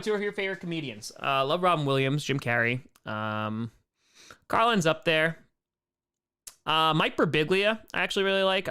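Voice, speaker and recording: A man's voice: on the high side, sharp tone, clean tone. A man hosting a casual live-stream Q&A, reading chat messages aloud and answering with playful jokes and frequent laughs.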